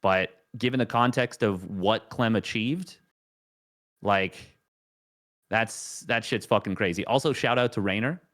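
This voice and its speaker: A man's voice: on the low side, unhurried, a bit bright. Man ranting heatedly, swearing freely. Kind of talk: casual esports chat.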